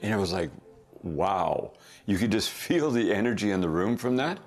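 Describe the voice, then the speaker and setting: A middle-aged man casually telling a family story as a podcast guest, chuckling often and throwing in quick asides. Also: fairly low pitch, expressive, faint music behind.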